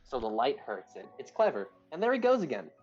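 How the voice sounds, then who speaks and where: A man's voice: mid-range voice, wildly swooping pitch, brisk. A man chatting as a player in a tabletop game, joking and swearing freely. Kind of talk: casual tabletop game chat. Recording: dull lo-fi sound with faint music.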